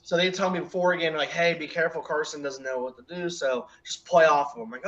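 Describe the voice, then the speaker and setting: A man guest telling a story in casual chat, animated, acting out the quotes and laughing along the way. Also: on the high side, fast, hardly any pauses, muffled recording. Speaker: guest wrestler.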